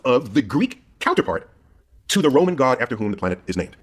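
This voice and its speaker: A man's voice: mid-range voice, sing-song, brisk, breathy edge. A man casually explaining science, rambling and repeating words with frequent chuckles.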